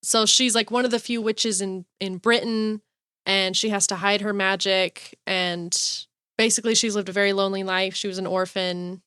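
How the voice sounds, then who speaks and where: A woman's voice: medium pitch, little pitch movement, moderate pace, pushed and bright, smooth, dry recording, studio quality. A woman co-hosting a podcast, chatting casually and gushing about books with lots of "like" fillers. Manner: bubbly, gushing, many fillers like "like". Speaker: podcast co-host. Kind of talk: casual chat.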